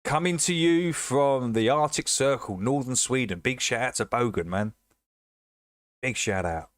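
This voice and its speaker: A man's voice: mid-range voice, measured pace, no room sound. A man hosting a casual livestream chat, laughing often and repeating himself as he jokes. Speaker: livestream host.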